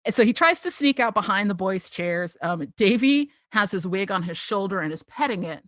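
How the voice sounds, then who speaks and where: Woman podcast host laughing her way thru a cartoon recap, mid pitch, dry close sound. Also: moderate pace, no room sound. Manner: giggly, animated storyteller. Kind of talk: casual chat recapping a cartoon.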